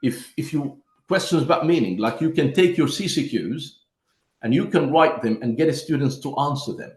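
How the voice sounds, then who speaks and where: A man's voice: a little high, expressive, normal speed, darkish tone, echoey room. A man giving a lesson to teachers, explaining step by step and calling his listeners "my friends". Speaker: teacher trainer.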